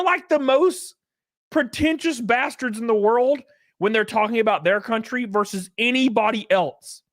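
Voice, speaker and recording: A man's voice: high-pitched, no echo. Young man, loose profane livestream banter, dry close sound. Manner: animated, rambling, profane, jokey. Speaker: streamer. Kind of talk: casual livestream chat.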